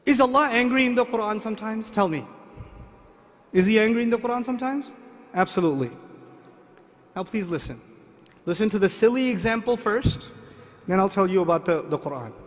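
A middle-aged man preaching a sermon, asking the audience lively rhetorical questions. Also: sits high, brisk, long pauses. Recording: long hall reverb.

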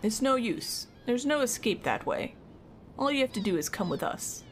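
A woman's voice: fairly high pitch, very animated, moderate pace, a little hiss or hum. A woman voicing a stern male knight commander in a game, giving curt orders. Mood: commanding.

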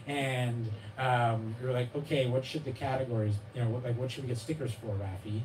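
A man's voice: medium pitch, fairly even intonation, fairly quick, few pauses, background noise. A man at a live bookstore event talking about his memoir, rambling and self-deprecating, with many restarts and fillers, often acting out the voices of others with a laugh. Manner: acts out his child's and readers' voices with laughs. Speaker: author discussing his memoir. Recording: distant mic with room ambience.

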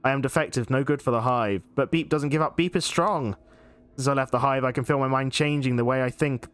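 A man's voice: mid-range voice, brisk, clean tone, close to an everyday voice. A man voicing a small, naive, exiled insect-like creature from a game, speaking in simple, earnest phrases.

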